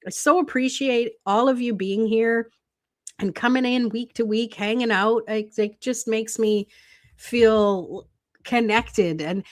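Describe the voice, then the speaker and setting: A woman's voice: fairly high pitch, slow. A middle-aged woman hosting a tarot live stream, chatting casually, laughing often and reading viewer comments aloud.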